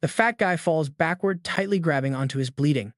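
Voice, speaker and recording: A man's voice: fairly high pitch, fairly quick, no room sound, studio quality. A man narrating a comic recap in a dramatic, emphatic storytelling manner.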